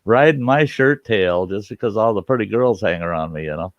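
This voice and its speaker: A man's voice: lowish voice, expressive, a little fast, no echo. A man in his sixties hosting a casual live-stream chat, joking and rambling, often repeating his words. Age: 60s. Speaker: host. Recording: dull, dry lo-fi sound.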